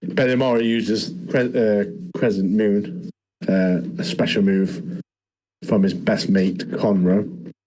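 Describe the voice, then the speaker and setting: A man's voice: fairly low pitch, little pitch movement, takes it slowly, darkish tone, poor audio. A man co-hosting a podcast, recapping anime scenes in casual, enthusiastic chat. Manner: enthusiastic, says "mate" a lot. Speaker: podcast co-host.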